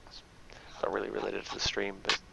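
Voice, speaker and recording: Fairly low-pitched and monotone, this Australian man talks fairly quickly with some vocal fry. Working as an esports commentator, he keeps the live-stream match commentary chatty and jokey and gives shoutouts. The recording is dull, lo-fi stream audio carrying faint noise.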